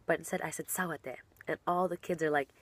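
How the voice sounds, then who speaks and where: A young woman with a voice pitched a little low chats casually as she answers questions from fans. She is bubbly and giggly, and her sentences often trail off or restart. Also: flat delivery, racing. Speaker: professional wrestler.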